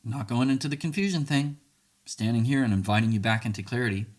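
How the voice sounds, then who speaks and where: A man's voice: mid-range voice, quick pace. A man hosting a podcast, talking casually and earnestly as he coaches listeners, often checking in with "right?" and chuckling lightly between points. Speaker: podcast host. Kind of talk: conversational podcast monologue.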